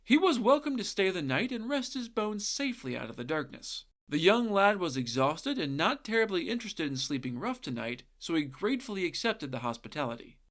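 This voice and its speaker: A man narrating an old folktale with a voice that swoops up and down in a lively way. His tone is irreverent and cheeky, full of swearing and sarcastic side comments. His voice sits a bit higher than most men's. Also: a little fast, hardly any pauses. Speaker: podcast host and storyteller.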